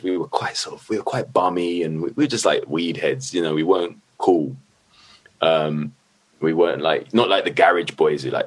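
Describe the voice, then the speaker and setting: A middle-aged man with a very low, deep voice, talking as a guest in an interview. He tells his stories loosely and with energy, swears freely, and keeps circling back to "like" and "you know what I mean". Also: breathy edge. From London. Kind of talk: casual storytelling.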